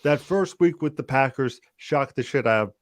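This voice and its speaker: A man co-hosting a casual fantasy football chat, excitable and animated, with loud bursts. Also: medium pitch, normal speed, no room sound. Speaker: co-host.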